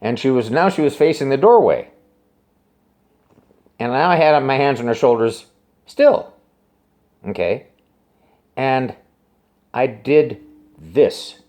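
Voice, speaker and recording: Rambling man telling a story, lively pitch. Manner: rambling, halting, repeats himself; swings from hushed to high and urgent. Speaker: musician telling a personal story. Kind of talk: casual storytelling to camera.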